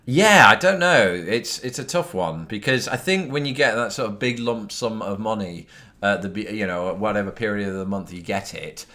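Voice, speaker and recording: British man, low voice, rambling chat. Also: lively intonation, moderate pace, bright, forceful tone. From Britain. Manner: rambling and self-deprecating, with many fillers. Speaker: YouTube host answering viewer questions. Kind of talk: casual chat. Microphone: phone.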